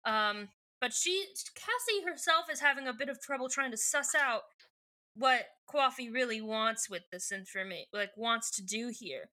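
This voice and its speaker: A woman's voice: on the high side, animated, normal speed, sharp tone. A woman co-hosting a podcast, recapping a book in casual chat, giggly and swearing casually. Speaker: podcast co-host.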